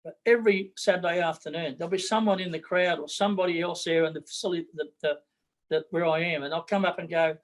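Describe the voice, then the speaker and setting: A man's voice: on the high side, steady tone, fast talker, rough recording. A middle-aged man with an Australian accent, a political candidate talking bluntly in an interview, repeating his words as he goes.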